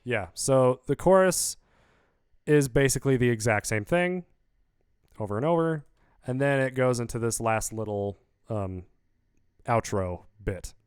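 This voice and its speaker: Man, musician walking through his own track, chatty and upbeat with fillers, smooth voice on a close dry mic. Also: mid-range voice, animated, measured pace, long pauses, no echo, faint music behind. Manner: rambling, upbeat, lots of fillers. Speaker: musician explaining his song. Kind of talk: casual video breakdown. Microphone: studio vocal mic.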